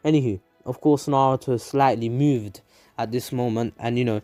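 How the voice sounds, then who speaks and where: A man's voice: mid-range voice, normal speed, warm tone, dry recording, soft background music. A man casually narrating a fan story, rambling with many fillers and restarts.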